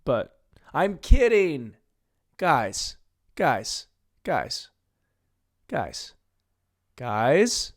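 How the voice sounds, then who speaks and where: A young man hosting a solo comedy podcast, rambling through crude, self-mocking jokes, dropping into mumbled asides and then jumping to loud bursts. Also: medium pitch, very animated, extremely slow, long pauses. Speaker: podcast host.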